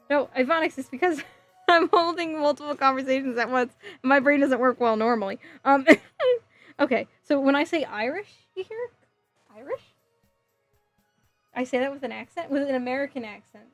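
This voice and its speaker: A fairly high-voiced, slightly bright woman from New Jersey livestreams herself building a model kit. She's giggly and scattered, chatting casually with viewers and reading their chat messages out loud as she answers them.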